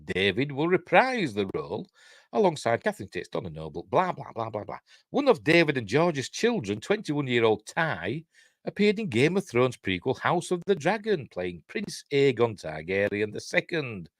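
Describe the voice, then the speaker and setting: A man's voice: medium pitch, huge pitch swings, moderate pace, no room sound, studio quality. An older man with a Yorkshire accent hosting a live-stream news show, reading entertainment stories aloud with chatty, rambling asides and self-mocking jokes.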